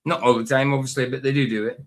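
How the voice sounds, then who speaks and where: A man hosting a podcast in casual chat, laid-back and quick to laugh. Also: mid-range voice, steady tone. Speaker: podcast host.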